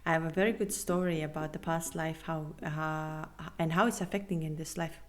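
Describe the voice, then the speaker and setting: A woman hosting a spiritual podcast, talking earnestly and reassuringly with non-native phrasing, sometimes dropping to a soft half-whisper. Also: low voice, fairly even intonation, normal speed, soft background music. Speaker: podcast host and spiritual coach. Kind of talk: casual podcast monologue.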